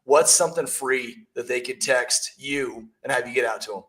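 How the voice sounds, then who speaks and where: A man hosting a live stream, reading viewer questions and giving upbeat, emphatic advice, now and then acting out quick quoted asides. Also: mid-range voice, fairly bright tone. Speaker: host, real estate trainer. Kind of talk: casual live-stream coaching.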